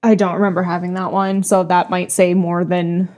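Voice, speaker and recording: A woman's voice: lowish voice, level tone, moderate pace, dark tone. Blunt, playful woman co-host, congested. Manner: blunt, playful, swears freely. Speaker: podcast co-host. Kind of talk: casual chat.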